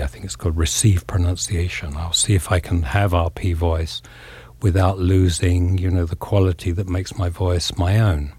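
An English actor giving an interview, speaking thoughtfully and haltingly with many pauses and fillers. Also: male voice, low-pitched, little pitch movement, a little mellow, husky, dry recording. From England. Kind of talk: reflective interview talk.

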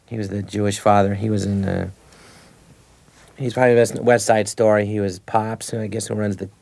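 A man's voice: on the low side, level tone, fairly quick, gravelly, darkish tone. A man in his thirties, a comedian guest, telling stories in a loose, rambling way with restarts and laughs between lines. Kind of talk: casual anecdotal interview.

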